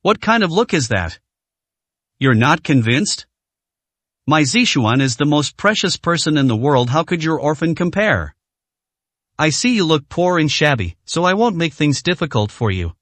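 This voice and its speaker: A man's voice: a little high, very animated, normal speed, a bit bright, dry recording. A man reading as a haughty rich mother. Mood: scornful. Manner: haughty, contemptuous. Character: arrogant rich woman, spoiled son's mother.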